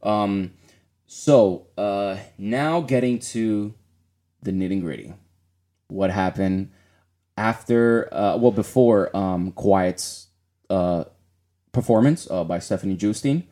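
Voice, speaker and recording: Low, mellow-voiced man chatting about games. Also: slow pace, long pauses. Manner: rambling, many fillers and restarts. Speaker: podcast co-host. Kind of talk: casual gaming chat.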